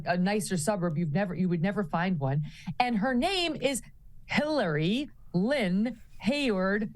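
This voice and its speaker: A young woman co-hosting a casual gossip chat, sarcastic and animated, laughing often. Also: fairly high pitch. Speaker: co-host.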